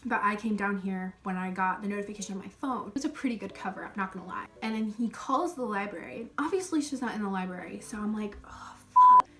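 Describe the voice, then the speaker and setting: A woman's voice: mid-range voice, quick pace, hardly any pauses, fairly bright tone, far from the mic. A young woman animatedly retelling a school story on her vlog, with swearing and lots of "like". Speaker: vlogger.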